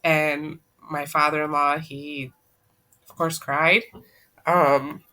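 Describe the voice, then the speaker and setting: A woman guest on a podcast, earnestly recounting a personal story and quoting the people in it, her voice dropping soft at the hard parts. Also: low-pitched, flat delivery, slow. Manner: earnest, relives events by quoting dialogue; emotional, voice drops soft at hard moments. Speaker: guest, co-author.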